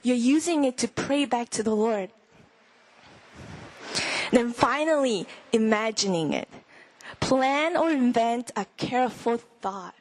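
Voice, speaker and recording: A young woman teaching a Bible lesson in a relaxed, conversational way, acting out inner thoughts and whispering verses. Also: a little high, slow, pauses often, no room sound, low-quality recording. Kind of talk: sermon-style teaching.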